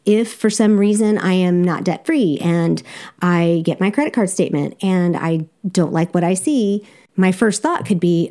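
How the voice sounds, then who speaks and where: A woman's voice: on the low side, unhurried, dark tone. A woman with a Southern accent, a life coach hosting a podcast, talking directly and encouragingly to her listeners with easy laughs. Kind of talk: solo podcast coaching talk.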